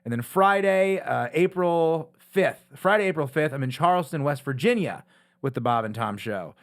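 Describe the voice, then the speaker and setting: A man co-hosting a casual comedy podcast, excitable and quick to laugh. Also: on the high side. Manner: fast, excitable, laughs often. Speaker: podcast co-host.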